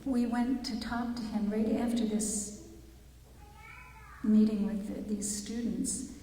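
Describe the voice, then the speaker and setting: A woman speaks earnestly and slowly at a public talk, her voice soft and mellow. She is recorded from a distance, and her words ring out with long reverb through a large chapel. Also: on the high side, flat delivery. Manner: earnest, measured, with pauses and restarts. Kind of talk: reflective public talk reading quotes. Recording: echoey chapel from far off.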